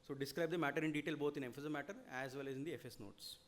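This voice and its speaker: A man's voice: a little high, steady tone. A man with an Indian English accent giving a seminar lecture, explaining at length and checking in with "okay?". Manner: rapid, explanatory, frequent "you know" and "okay?". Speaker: lecturer on audit reporting.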